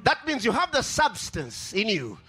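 A man preaching a sermon with impassioned, sing-song delivery, repeating his phrases and rising to shouts. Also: sits high, wildly swooping pitch, normal speed, husky, faint music behind.

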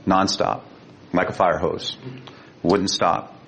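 Deep gravelly man telling a story. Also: flat delivery, takes it slowly, fairly bright tone. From Sacramento, California. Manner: earnest, vivid, emotional retelling. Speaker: guest. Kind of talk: personal testimony storytelling. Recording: dull lo-fi with faint rumble.

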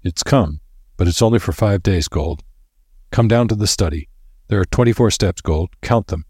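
A man voicing a stern, calm doctor who keeps others steady, in a storybook reading. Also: low voice, normal speed, breathy edge, no room sound, clean studio sound. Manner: firm and steady. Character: stern calm male doctor taking charge.

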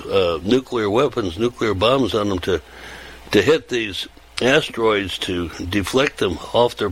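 A man's voice: fairly low pitch, a bit bright, low-quality recording. An older man in his seventies telling stories in a rambling monologue, often repeating and restarting his phrases.

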